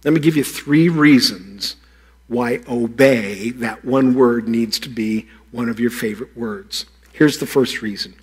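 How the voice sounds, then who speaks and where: A pastor giving a playful children's sermon, teasing and talking straight to the kids. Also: male voice, medium pitch, measured pace, a little mellow, slightly rough.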